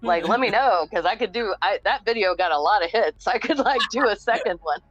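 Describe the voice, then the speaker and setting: A woman's voice: medium pitch, expressive, a little fast, no echo, highs cut off, faint music behind. A woman joking and teasing in casual group chat on a livestream, over a call mic.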